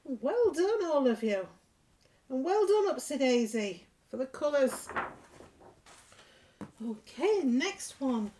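A woman leading a nursery rhyme session for little children, gentle and encouraging with a sing-song way of talking. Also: high-pitched, sing-song, slow pace, pauses often. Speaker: toddler group leader.

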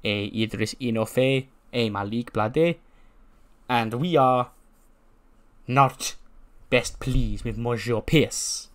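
A man voicing a pompous male wrestler with a French accent, speaking slowly and haughtily. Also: medium pitch, fairly bright tone. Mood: haughty.

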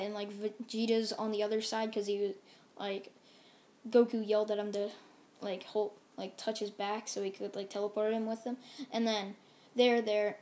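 A woman's voice: medium pitch, mellow. A woman casually narrating a fan-made story, rambling and full of fillers.

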